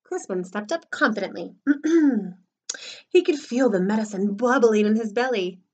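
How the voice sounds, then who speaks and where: A preschool teacher reading a picture book aloud to young children. Her voice rises and falls widely, and she reads with animated, expressive timing to keep little listeners hooked. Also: medium pitch, fairly quick, highs cut off. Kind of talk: storybook read-aloud for children.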